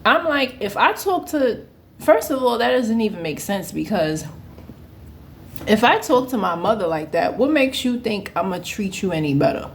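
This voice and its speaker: A woman in her thirties telling a casual story, animated and often laughing as she acts out the people in it. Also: medium pitch, moderate pace, a little hiss or hum. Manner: animated, acts out quoted voices. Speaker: vlogger.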